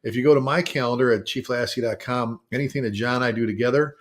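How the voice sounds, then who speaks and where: A man, a fire chief co-hosting a podcast, chatting casually and teasing his co-host with lots of halting fillers. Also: medium pitch. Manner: friendly ribbing, halting with fillers. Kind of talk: casual chat.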